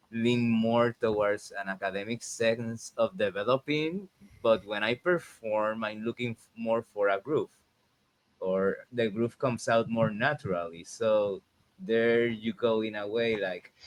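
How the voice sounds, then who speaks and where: A man hosting a casual conversation, reflective and thinking aloud with frequent restarts. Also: lowish voice. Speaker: host and composer.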